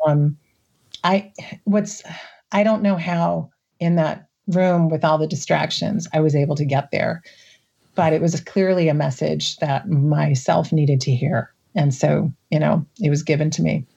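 Middle-aged woman, husky and gravelly, low-ish mellow voice, emotional storytelling with frequent laughs, muffled lo-fi audio. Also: steady tone. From Midwest. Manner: emotional, laughs often, halting restarts. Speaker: guest. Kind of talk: recounting a personal experience in an interview.

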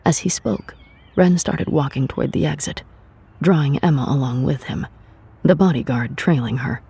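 A narrator reading a scripted audio drama in a steady storytelling voice, giving every character a voice. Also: medium pitch, moderate pace, vocal fry, slightly rough.

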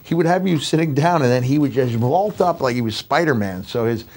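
A middle-aged man and retired wrestler telling animated, rambling stories in a casual podcast chat. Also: medium pitch, fairly quick. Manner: animated, rambling anecdotes with restarts.

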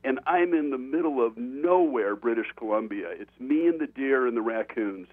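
A man, an author on an interview show, tells an animated story, laughing often and restarting his sentences. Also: mid-range voice, normal speed, no room sound. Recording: tinny phone-line sound.

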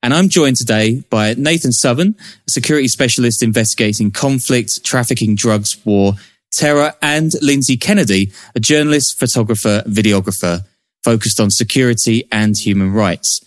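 A man's voice: mid-range voice, moderate pace, no echo, clean studio sound. A man hosting a podcast, introducing guests in a chatty, joking way. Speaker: podcast host.

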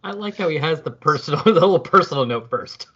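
A man's voice: a little high, breathy edge, lo-fi sound. A man joking around as a co-host in casual chat. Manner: joking, quick and lively. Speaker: podcast co-host.

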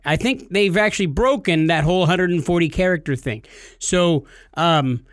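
Jokey higher-voiced podcast co-host man. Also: moderate pace, no room sound, clean studio sound. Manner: jokey, teasing, theatrical. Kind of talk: casual podcast banter.

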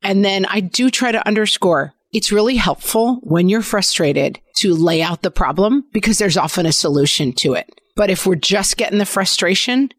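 A middle-aged woman co-hosting a podcast, chatting candidly about parenting and acting out her kids' lines in a relaxed, conversational way. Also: medium pitch, moderate pace, few pauses, dry recording. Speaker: podcast co-host. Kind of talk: casual parenting chat.

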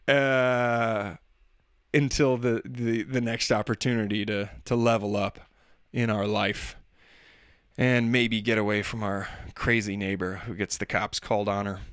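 A man's voice: fairly low pitch, level tone, unhurried, fairly bright tone, clear, resonant tone, no echo. A man in his thirties talks alone into the mic in a loose, rambling way. He laughs at himself, restarts his sentences and drifts from topic to topic. The sound is dry and close, with no room around it. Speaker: podcast host and musician. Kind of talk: casual solo chat.

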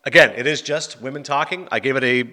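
A man hosting a movie podcast, chatting casually and telling quick anecdotes. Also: medium pitch, sharp tone. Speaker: podcast host.

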